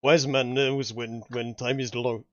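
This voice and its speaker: A man's voice: mid-range voice, little pitch movement, a little slow, a bit bright, dry recording, voice pushed down, close to an everyday voice. Guy doing a put-on jamaican accent for a panicky fleeing chief, drawls out a wise-man line, dull lo-fi mic sound. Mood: panicked.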